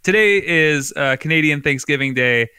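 A man co-hosting a podcast in relaxed casual chat, rambling with lots of fillers and frequent laughter. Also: on the high side, normal speed, smooth, no room sound. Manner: laid-back, rambling, laughs often, filler-heavy. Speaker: podcast co-host.

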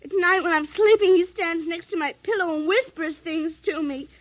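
A woman's voice: very high-pitched, normal speed, no room sound. An actress playing a frightened little girl pleading with her father in an old-time radio drama, speaking in a fearful, breathless way. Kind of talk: vintage radio drama acting.

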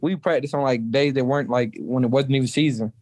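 A man's voice: medium pitch, quick pace, darkish tone, no echo. A young man from South Georgia, a college wrestler talking in a laid-back, casual way as an interview guest. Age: young adult. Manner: laid-back, heavy use of "like".

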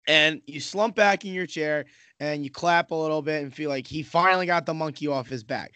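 A slightly higher-voiced man, an Islanders fan on a hockey podcast, chats casually and fairly quickly in a sharp, clean tone. He rambles with lots of profanity and self-interruptions and repeats his points. The dry, close recording has no room ambience.

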